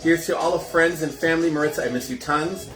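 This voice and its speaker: A man's voice: fairly high pitch, fast, fairly bright tone, reverberant, soft background music. A man hosting a casual live cocktail show from his kitchen, chatty and gushing as he greets viewers. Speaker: host of a home cocktail livestream.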